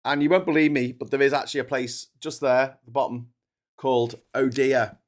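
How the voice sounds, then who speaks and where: A man hosting a long solo livestream, talking off the cuff in a loose, rambling way. He jokes, wanders into asides and keeps restarting his sentences, with a middling pitch. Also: steady tone, fairly quick. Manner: digressive, jokey, lots of restarts and trailing asides. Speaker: livestream host.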